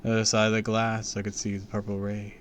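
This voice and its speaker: A man's voice: on the low side, completely flat delivery, fast talker, slight background noise. A man reading a horror story aloud on a stream, dramatic and dropping into whispers for suspense.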